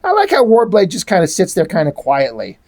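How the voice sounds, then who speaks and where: A man's voice: high voice, huge pitch swings, brisk, a little mellow. Man hosting a casual comic review, rambling and profane, with strong opinions on the art.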